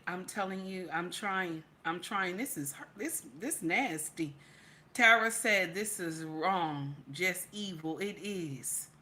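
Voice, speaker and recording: A woman's voice: lowish voice, pushed and bright, a little hiss or hum. A woman hosting a casual livestream, repeating her phrases for emphasis and reading chat comments aloud. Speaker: livestream reaction host.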